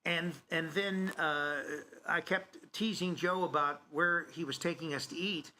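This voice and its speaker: Man, high bright voice, rambling chat, keeps saying "so anyway", faint background ambience. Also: fairly even intonation, measured pace, a little hiss or hum. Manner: rambling, repeats "so anyway", frequent restarts. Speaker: co-host, sports announcer. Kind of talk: casual storytelling chat.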